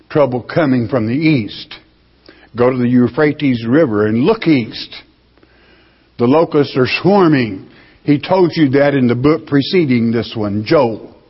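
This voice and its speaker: Slow, husky-voiced preacher in a hall. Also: male voice, mid-range voice. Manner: reads scripture aloud then explains it bluntly. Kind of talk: sermon. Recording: muffled recording with long hall reverb.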